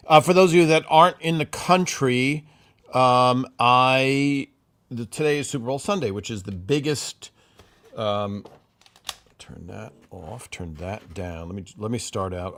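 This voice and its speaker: A man's voice: mid-range voice, fairly bright tone. A man hosting a casual livestream, greeting viewers and reading their comments in a rambling, chatty way with many fillers. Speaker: livestream host.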